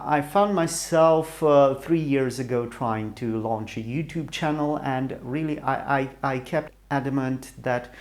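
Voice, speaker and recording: A middle-aged man from Romania with a Romanian accent, talking to camera in a hesitant, rambling way and often searching for the right English words. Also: medium pitch. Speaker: YouTuber. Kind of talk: rambling solo talk to camera.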